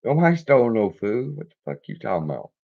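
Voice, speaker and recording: A man's voice: mid-range voice, big pitch swings, fast talker, vocal fry, dark tone, lo-fi sound. A man hosting an investing channel, telling rambling, profane stories with frequent laughs in a casual chat. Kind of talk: casual storytelling livestream.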